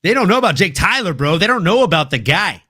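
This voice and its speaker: Male livestream host, bright and lively delivery, loose and profane. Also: sits high, fast talker, breathy edge. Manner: excitable, swears freely, laughs often. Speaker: podcast host. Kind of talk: casual livestream chat.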